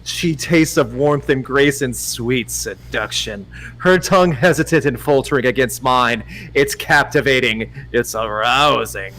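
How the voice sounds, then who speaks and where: A man as guest reader on a livestream, giving a mock-dramatic, teasing reading and loudly urging the host on. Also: medium pitch, measured pace, rough recording. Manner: teasing, theatrical, swings to loud urging.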